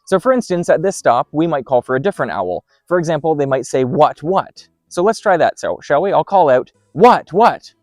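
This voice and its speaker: A man's voice: on the high side, big pitch swings, quick pace, hardly any pauses, a little mellow, no echo, studio quality. A man hosting an outdoor educational segment by wooded trails, upbeat and playful. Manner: upbeat and playful, doing owl calls. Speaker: park host.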